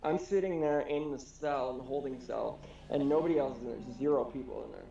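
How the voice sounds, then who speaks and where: This podcast co-host from Wisconsin speaks briskly at a medium pitch, his mellow tone edged with vocal fry. He tells a meandering story in a relaxed chat, cursing openly and voicing the people he quotes. Faint background noise sits in a roomy, slightly dull home recording.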